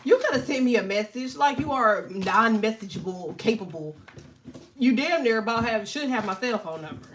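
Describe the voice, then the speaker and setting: A woman's voice: fairly high pitch, lively intonation, normal speed, slight background noise. A woman in her thirties with allergies, chatting casually and animatedly as a livestream host, joking, swearing and laughing often.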